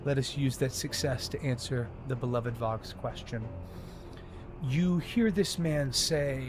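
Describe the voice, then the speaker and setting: A man narrating a tabletop horror game as game master, describing scenes in an unhurried way with many filler words. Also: mid-range voice, over music.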